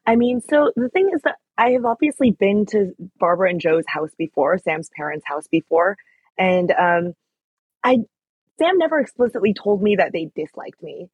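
A woman's voice: mid-range voice, very animated, normal speed, slightly rough, no room sound, narrow, tinny audio. A young woman telling a story as an interview guest, chatty and full of fillers. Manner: chatty, lots of fillers and likes. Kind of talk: casual storytelling.

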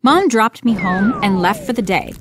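A woman narrating a first-person story in a plain, steady reading voice. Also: mid-range voice, moderate pace, noisy background.

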